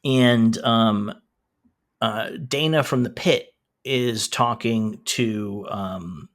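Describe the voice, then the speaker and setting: A man co-hosting a casual show chat, animated and laughing often as he recaps scenes. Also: on the low side, very slow. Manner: animated, laughing, quoting characters in asides. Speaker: podcast co-host.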